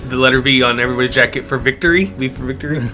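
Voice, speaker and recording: Guy with a bright tense voice, rambling recap on a podcast, bit of music behind. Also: mid-range voice, racing. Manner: enthusiastic, rambling retelling with fillers. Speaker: podcast co-host. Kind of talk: casual chat.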